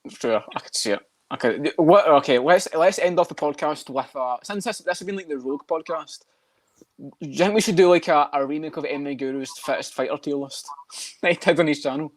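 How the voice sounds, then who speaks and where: A man co-hosting a podcast, chatting fast and loose with lots of swearing and jokes. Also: on the high side. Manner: fast, swearing banter, doing fighter impressions. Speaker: podcast co-host. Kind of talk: casual chat.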